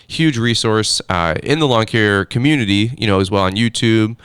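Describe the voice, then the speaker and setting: A man's voice: fairly low pitch, normal speed, a bit bright, clean tone, dry recording, clean studio sound. A man hosting a podcast, chatting casually and upbeat with a guest, with lots of fillers and restarts. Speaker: podcast host. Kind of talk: casual interview chat. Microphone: on a phone call.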